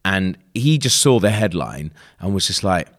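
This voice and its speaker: A man's voice: sits low, big pitch swings, normal speed. A young man hosting a podcast, telling a rambling, sweary story in a laid-back, casual way. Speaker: podcast host.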